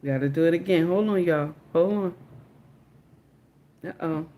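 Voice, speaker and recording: A woman's voice: on the low side, normal speed, very noisy. Woman streamer talking to her chat, emphatic, repeats herself a lot, calls out viewers by name. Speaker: livestream commentator. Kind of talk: casual live-stream commentary to chat.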